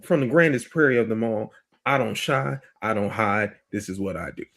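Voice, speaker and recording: A man's voice: on the low side, moderate pace, gravelly, a bit bright. A man hosting a podcast, talking bluntly in casual opinion chat and swearing freely. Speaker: podcast host.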